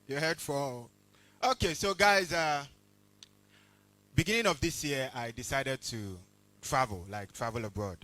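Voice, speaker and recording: Comic teasing the crowd. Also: male voice, medium pitch. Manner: relaxed, teasing crowd work. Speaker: stand-up comedian. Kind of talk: stand-up comedy set with crowd work. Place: comedy awards stage before a live audience.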